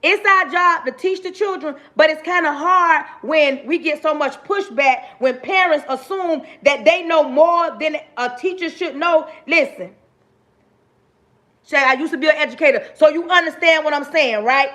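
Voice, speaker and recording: A woman's voice: high voice, normal speed, a bit bright. A woman teacher livestreaming, speaking emphatically and repeating herself as she talks straight to her viewers. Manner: emphatic, repetitive, direct address to viewers. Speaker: livestream host. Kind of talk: casual livestream rant.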